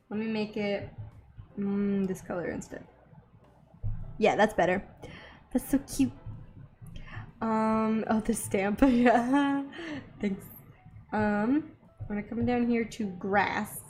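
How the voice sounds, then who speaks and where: A young woman hosting an art channel, chatting casually and excitedly while she draws, rambling with lots of little gasps. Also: medium pitch, slow, pauses often, faint music behind. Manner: bubbly, easily excited, rambling. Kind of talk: casual chat while drawing.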